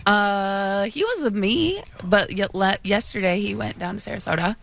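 A woman's voice: medium pitch, animated, moderate pace, gravelly, slight background noise. Rambling self-deprecating woman. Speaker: radio show co-host. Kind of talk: casual radio banter.

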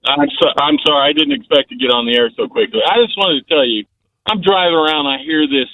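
A male caller ranting angrily and fast from his car, heard over a phone line. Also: fairly high pitch, a little hiss or hum. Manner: angry, rushed rant. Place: driving in a car.

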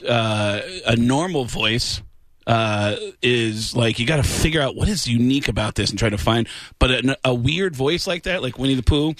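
A man's voice: medium pitch, no room sound. A man, a comedian guest on a radio show, telling stories in casual chat and slipping into voices. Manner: animated storyteller, slips into voices.

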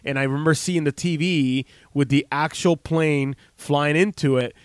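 Speaking at a moderate pace in a voice on the high side, this late-thirties health practitioner from the US keeps his intonation fairly even. His unscripted talk to camera wanders warmly, with many fillers and restarts. The tone is clear and resonant, recorded in the studio with no room sound.

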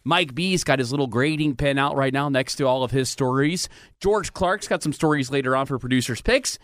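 A man's voice: mid-range voice, brisk, fairly bright tone, no room sound. A man hosting a podcast, bantering with cohosts, teasing and laughing, often interrupting himself. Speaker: podcast host. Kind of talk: casual radio-style show banter. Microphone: studio microphone.

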